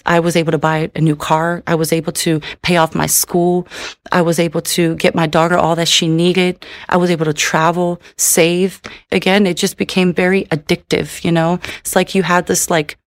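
A woman's voice: on the low side, level tone, moderate pace, vocal fry, no echo, clean studio sound. A middle-aged woman giving an emotional personal testimony in a tearful manner, with many repeated "you know"s. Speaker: testimony speaker.

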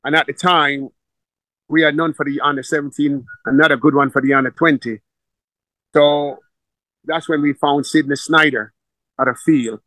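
This middle-aged Jamaican football coach speaks a little high at a normal speed, leaving long pauses as he animatedly recounts stories and acts out quoted dialogue in a casual interview, Jamaican accent and all. No echo, but the audio is poor.

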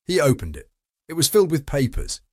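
A man narrating a crime story audiobook in a steady, measured reading. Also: fairly high pitch, husky, no echo, clean studio sound.

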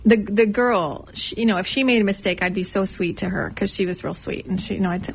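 Fast-talking playful woman. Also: mid-range voice, creaky, a little hiss or hum, low-quality recording. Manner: animated, playful storyteller. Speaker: guest speaker. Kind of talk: casual chat.

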